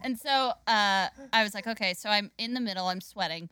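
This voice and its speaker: A woman telling a comic story in casual chat, animated and quick to laugh. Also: mid-range voice, clear, resonant tone, dry recording.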